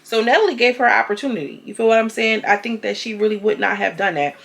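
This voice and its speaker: A woman giving a casual, animated recap of a reality show, sassy and quick to act out quotes. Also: medium pitch, vocal fry. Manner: animated, sassy, retells scenes in quoted voices. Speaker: reality TV commentator.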